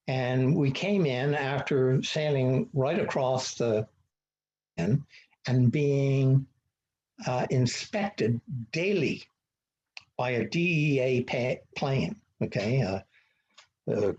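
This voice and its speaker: An older man from Ottawa, Canada, is a guest speaker at an online meetup, telling rambling sailing anecdotes. He acts out the dialogue and uses many fillers. His voice is mid-range with a darkish tone, and the online call audio sounds dull and lo-fi.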